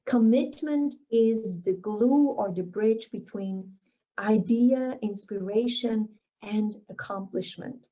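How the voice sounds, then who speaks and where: A woman's voice: mid-range voice, slow, warm tone, dull audio. A woman giving a motivational keynote talk, emphatic and repeating her key phrases. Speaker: motivational speaker.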